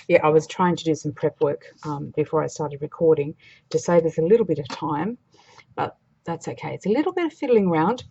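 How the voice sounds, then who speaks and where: A woman's voice: deep voice, vocal fry, mellow, husky, lo-fi sound. A woman demonstrating a craft project in a chatty, casual way, thinking aloud as she works. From Australia.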